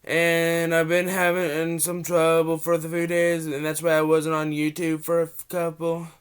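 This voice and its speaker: A young man with a cold giving a casual, rambling movie review vlog, often restarting his sentences and gushing with excitement. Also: on the high side, a little slow, clean tone. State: has a cold.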